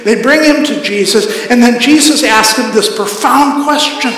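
A man preaching a sermon as pastor, earnest and emphatic, swinging from soft asides to ringing climaxes. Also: very high voice, moderate pace, few pauses. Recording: echoey hall, very reverberant.

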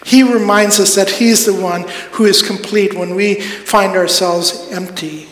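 A man's voice: sits high, fairly even intonation, a little slow, a bit bright, slight background noise. A man preaching a sermon as pastor, earnest and building to emphatic repeated lines, recorded in a church sanctuary. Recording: echoey hall with long reverb.

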